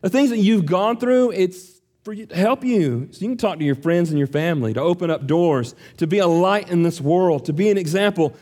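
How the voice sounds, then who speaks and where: A man's voice: high voice, normal speed, hardly any pauses, a little mellow. A man preaching an earnest, emphatic sermon, acting out quoted prayers and questions.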